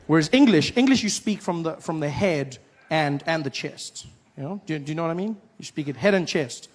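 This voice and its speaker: A man's voice: on the high side, lively intonation, a little fast. Man riffing through a stand-up set. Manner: chatty, riffing. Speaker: stand-up comedian. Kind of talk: stand-up comedy.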